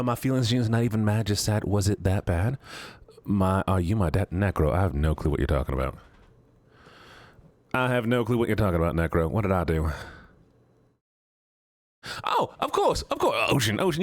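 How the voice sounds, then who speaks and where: Deep, animated young man streaming. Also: no echo. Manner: playful, rambling, teasing chat. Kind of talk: casual chat with viewers. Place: home streaming setup. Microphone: handheld studio microphone.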